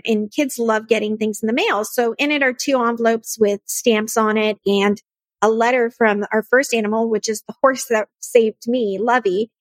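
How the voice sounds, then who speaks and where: A woman's voice: on the high side, no echo. A woman founder telling her personal story in a podcast interview, earnest and emotional. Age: adult, married. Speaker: nonprofit founder and guest.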